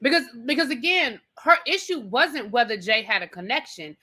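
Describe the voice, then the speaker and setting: Bright-voiced, opinionated woman co-host. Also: on the high side, big pitch swings, normal speed. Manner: opinionated, emphatic, addresses people directly. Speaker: podcast co-host. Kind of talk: casual recap chat.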